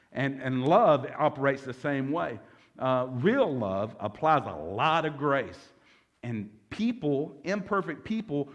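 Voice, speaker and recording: A man preaches a sermon as pastor. His pitch swings widely, and his tone is casual and joking as he asks the congregation for responses. He sits in the middle range for a man's voice. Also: a bit bright. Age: 40s. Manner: conversational, joking, calls for audience response.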